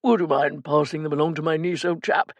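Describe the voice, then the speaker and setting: A woman's voice: low voice, steady tone, a little fast, no echo, muffled recording. A woman voicing a sly older man who puts on a jaunty, mock-posh tone in an audiobook. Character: sly older uncle, playful actor.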